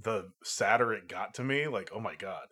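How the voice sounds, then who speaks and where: A man chatting casually about a movie, halting and restarting often with lots of fillers. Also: on the low side, pushed and bright, husky. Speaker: podcast co-host. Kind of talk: casual film review chat.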